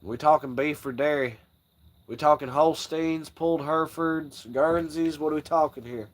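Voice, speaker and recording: A man's voice: on the high side, fairly even intonation, moderate pace. A man hosting a livestream, telling crude, rambling stories in casual chat with frequent laughs. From Southern United States. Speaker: livestream host.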